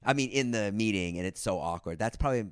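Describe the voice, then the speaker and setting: A man's voice: lowish voice, expressive, fast talker, clear, resonant tone, no room sound, studio quality. A man talking as a guest, telling rambling stories in casual chat and acting out what other people said. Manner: rambling, quotes people in put-on voices. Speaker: podcast guest, comedian and filmmaker. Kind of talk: casual storytelling.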